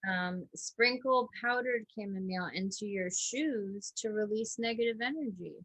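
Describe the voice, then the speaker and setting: A woman co-hosting a casual chat, chatty and quick to laugh along. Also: mid-range voice, a bit bright, no echo, rough recording. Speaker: co-host.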